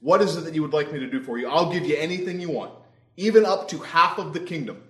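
A man's voice: fairly high pitch, expressive, quick pace, fairly bright tone. Breezy ancient king, tossing off grand favors in slang; a male preacher doing the voice, with room echo. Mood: generous. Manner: breezy, offhand, modern slang. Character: jovial generous ancient Persian king. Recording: roomy echo.

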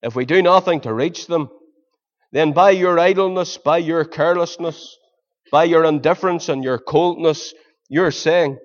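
Earnest preacher, lo-fi. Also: male voice, a little high, normal speed. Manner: earnest, pleading rhetorical questions. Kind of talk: sermon. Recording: dull lo-fi sermon recording.

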